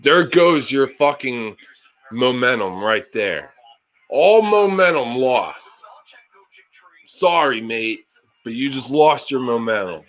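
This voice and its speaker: A man calls a live football game for his stream, swinging from steady play-by-play into exasperated, profane rants about the coaching. His voice is bright and forward, and he talks at an unhurried, drawn-out pace. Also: mid-range voice. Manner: frustrated, swearing fan rants. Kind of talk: live game reaction and commentary.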